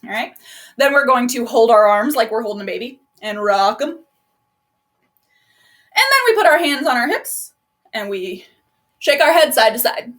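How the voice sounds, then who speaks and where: A woman librarian with a slightly high voice runs a storytime for children from home. She speaks gently and encouragingly, explaining things in simple words to little listeners. The sound comes from a laptop mic. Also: big pitch swings, moderate pace, long pauses. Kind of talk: live online storytime for kids. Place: at home, laptop propped on a box. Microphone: laptop microphone.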